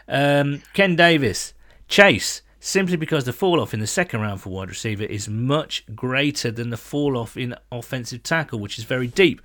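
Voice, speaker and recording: A man co-hosting a casual sports chat, reading listener messages aloud and adding his own quick takes. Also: medium pitch, a bit bright, dry recording, studio quality. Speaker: podcast co-host reading listener comments.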